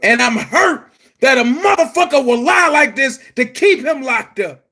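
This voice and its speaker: Brief: man, very high voice, angry profane commentary rant, frequent shouting, blunt and repetitive. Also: lively intonation, unhurried, slightly rough. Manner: blunt and emphatic, repeats phrases. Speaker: online commentary host. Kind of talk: heated vlog rant.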